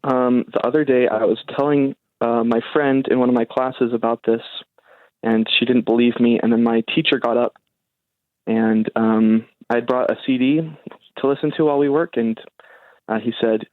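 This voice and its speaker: Caller: young college-age man, halting delivery, tinny dry phone sound. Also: mid-range voice, steady tone, no echo. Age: young adult. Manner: hesitant, lots of ums and uhs. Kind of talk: casual call-in chat. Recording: phone-like call line.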